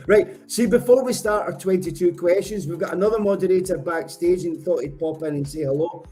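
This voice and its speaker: A Scottish man hosts a live show through a headset mic. His voice is mellow and soft, a touch higher than most men's. He talks in a chatty, joking way and rambles as he corrects himself. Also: moderate pace, faint music behind. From Scotland. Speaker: host. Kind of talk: live show hosting, casual chat.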